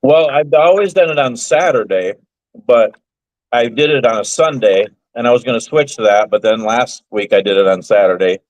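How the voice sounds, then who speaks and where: A man's voice: medium pitch, normal speed, low-quality recording. Everyday man, mid-range voice, hesitant rambling delivery over a video call. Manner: rambling, hesitant, laughs easily. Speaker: guest woodworking YouTuber. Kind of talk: casual group video chat.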